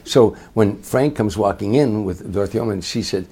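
An older man, a comedian and guest, telling a long anecdote in a lively way, acting out the voices of the people in it. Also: lowish voice, moderate pace, breathy edge. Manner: lively storyteller who acts out other people's voices. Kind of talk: anecdotal storytelling.

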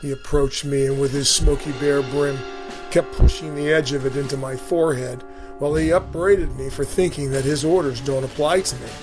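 A man telling his own story in a measured, vivid way. His voice sits fairly high for a man, and faint music plays underneath. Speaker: storyteller recalling boot camp. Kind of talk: storytelling narration.

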